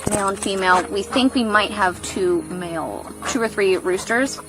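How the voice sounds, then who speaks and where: A woman's voice: normal speed, music in the background, rough recording. A woman giving a casual farm tour, chatting about her animals outdoors. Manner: chatty, cooing at animals in a high baby voice. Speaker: farm vlogger.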